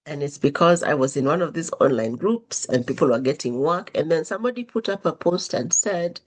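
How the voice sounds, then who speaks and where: Animated woman telling stories. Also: low voice, a little fast, few pauses. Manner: animated, acts out quoted dialogue with shifting intonation. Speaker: podcast host. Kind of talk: conversational storytelling monologue.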